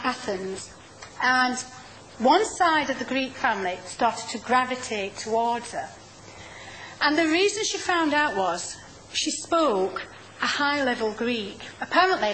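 A woman's voice: fairly high pitch, a bit bright, slight background noise, rough recording. A woman teaching a Bible study class, patiently explaining and calling on people to read. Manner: slow, patient, explaining and prompting readers.

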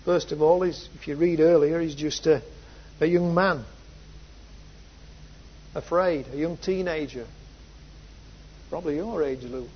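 A man preaching a sermon, moving from soft reflective passages to loud, emphatic repeated phrases. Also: on the high side, measured pace, pauses often, slightly rough. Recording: dull lo-fi sound.

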